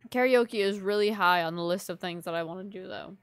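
A woman's voice: medium pitch, a little fast, hardly any pauses, smooth, dry recording. A young woman live-streaming to her viewers in casual chat, rambling and apologetic, full of fillers. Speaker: livestreamer.

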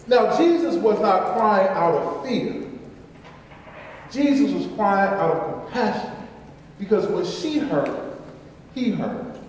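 A man's voice: high-pitched, animated, slow, long pauses, darkish tone, slight background noise. A man preaching a sermon as pastor, emphatic and repetitive, in a large church. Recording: echoey church hall from far off.

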